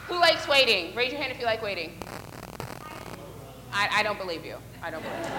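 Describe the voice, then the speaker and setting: A woman's voice: a little high, very animated, brisk, long pauses, background noise. A woman leading an interactive children's Bible lesson in church, playful and coaxing as she acts out a fishing story with the kids. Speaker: children's sermon leader. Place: church sanctuary, large echoey room. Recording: echoey hall with long reverb.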